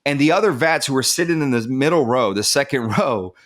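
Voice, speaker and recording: A man as a podcast guest telling a personal story candidly, acting out what others said and turning soft and subdued as it gets emotional. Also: medium pitch, a little fast. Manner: animated, acts out quoted dialogue, laughs at himself.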